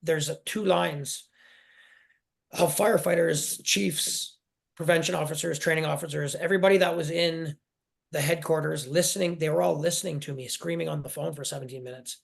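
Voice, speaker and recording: Emotional man with a gravelly voice. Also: on the high side, steady tone. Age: 40s. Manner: halting, repeats and restarts, emotional. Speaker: guest. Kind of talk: emotional personal storytelling.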